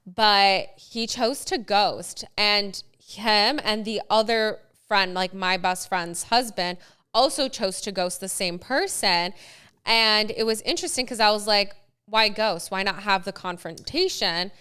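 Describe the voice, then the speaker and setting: Bright, clear-voiced young woman telling a story. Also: medium pitch, unhurried. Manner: animated storytelling, acts out quotes, frequent "like". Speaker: podcast co-host. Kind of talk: casual chat.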